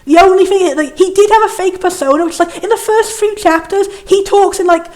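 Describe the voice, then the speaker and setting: A woman giving a casual, rambling spoken critique of a game, sarcastic and laughing often, dipping into quick voices for the characters. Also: extremely high pitch, darkish tone. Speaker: game reviewer.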